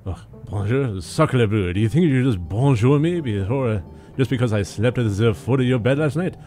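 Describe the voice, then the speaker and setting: A man's voice: medium pitch, lively intonation, normal speed, dark tone, soft background music, close to an everyday voice. A man voicing a haughty female house cat in a put-on French accent, disdainful and theatrical. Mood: scornful.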